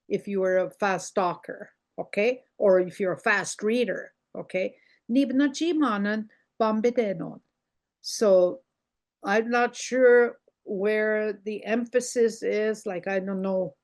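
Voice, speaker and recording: Slow, patient woman teaching a language. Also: mid-range voice. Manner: slow, patient, repeats words for learners. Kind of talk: online language lesson.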